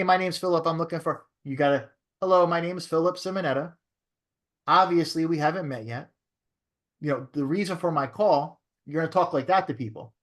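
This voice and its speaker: A man's voice: a little high, a bit bright. A man who is a real estate broker teaching a training class in a coaching way, often checking in with "right?".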